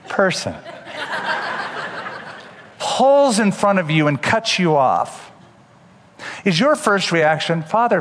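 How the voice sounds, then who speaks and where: A man's voice: fairly high pitch, fairly bright tone, in a large hall, a little hiss or hum. A man preaching a sermon as pastor, explaining scripture with humorous asides.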